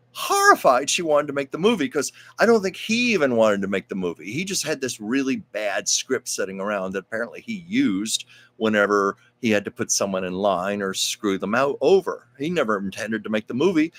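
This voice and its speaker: A man's voice: medium pitch, fairly bright tone. A man hosting a live stream, telling stories in a chatty, rambling way and reading out viewer comments. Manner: chatty, rambling, with frequent fillers and asides.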